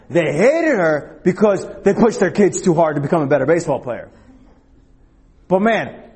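A man preaching a youth sermon, telling a lively personal story and checking in with his listeners as he goes. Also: high-pitched, breathy edge. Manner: animated storyteller, acts out shouted quotes, rhetorical "okay?" and "all right?".

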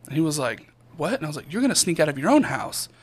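Animated young man telling a story. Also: on the high side, fast talker, breathy edge. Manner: animated storyteller acting out quotes. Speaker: podcast co-host. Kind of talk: casual storytelling.

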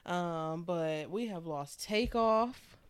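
A woman's voice: lowish voice, takes it slowly, clean tone. Young woman, casual co-host, blunt and giggly. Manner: frank, laughs a lot, swears casually. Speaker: podcast co-host. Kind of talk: casual chat.

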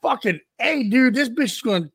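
Brief: male podcast co-host, high gravelly voice, bright edge, crude and boisterous storyteller, dry close sound. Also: expressive, normal speed, no room sound. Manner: profane, boisterous, acts out quotes.

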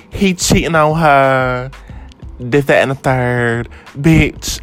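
A woman hosts a gossip vlog in a bouncy, animated voice that rises and falls a lot. She talks at an unhurried pace, full of profanity and sass, and stretches out her repeats for emphasis. Soft music plays faintly behind her. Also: sits low. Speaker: vlog host. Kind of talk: casual celebrity gossip rant.

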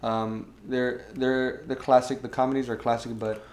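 A man's voice: mid-range voice, flat delivery, moderate pace. Rambling man in casual chat. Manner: rambling, full of restarts and "you get me?".

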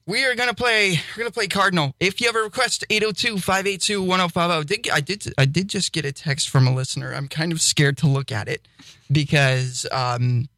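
Young male co-host, higher-pitched, excitable, laughs a lot, dry close sound. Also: no room sound. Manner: excitable storyteller, laughs often. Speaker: podcast co-host and radio DJ. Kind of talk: casual chat.

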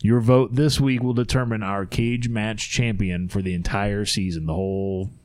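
A man's voice: fairly low pitch, fairly even intonation, normal speed, darkish tone, no echo. A man hosting a casual podcast chat, explaining a segment and laughing often with his co-hosts. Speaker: podcast host.

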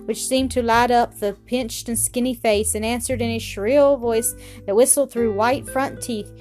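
A woman reads an old story aloud at a steady pace, sometimes stumbling and restarting a word. Her voice sits a bit high. Faint music plays underneath. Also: a little slow. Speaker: narrator. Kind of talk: audiobook reading.

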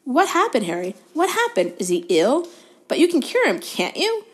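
Woman putting on a squeaky eager young schoolboy. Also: a little fast, dark tone, close to an everyday voice.

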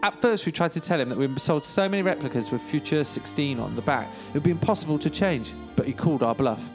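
A man's voice: fairly high pitch, lively intonation, fast, over music. A man co-hosting a podcast, reading a story aloud with wry, self-deprecating asides. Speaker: podcast co-host reading a memoir.

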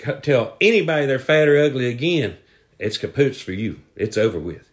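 A man's voice: medium pitch, sing-song, fairly quick, close to an everyday voice. A man playing an angry male pet-store manager, scolding in a stern voice.

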